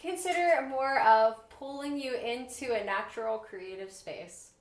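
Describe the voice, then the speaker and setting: Woman, fairly high voice, upbeat and encouraging, playful chat, echoey room. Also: moderate pace. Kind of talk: casual conversation. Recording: roomy echo.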